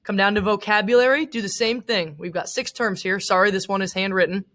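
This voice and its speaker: A woman's voice: medium pitch, fairly even intonation, brisk, fairly bright tone. A young woman teacher giving a casual recorded lecture, chatty, with many fillers and asides.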